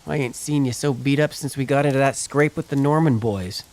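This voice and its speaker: A man's voice: medium pitch, brisk, darkish tone, pitched above the performer's own voice, lightly acted. A man doing a wisecracking cowboy outlaw. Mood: teasing. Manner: teasing, wisecracking. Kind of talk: audiobook character voice.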